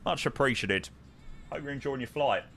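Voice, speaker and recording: A man's voice: medium pitch, expressive, moderate pace, fairly bright tone. A young man streaming a flight sim, chatting casually and joking with viewers. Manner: chatty and joking, sings along to music. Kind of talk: casual chat.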